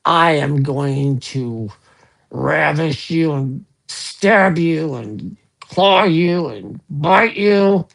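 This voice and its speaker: Man doing a slow menacing big bad wolf. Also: a little high, animated, creaky, fairly bright tone, full character voice. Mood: drawn-out menace. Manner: slow, drawn-out threats.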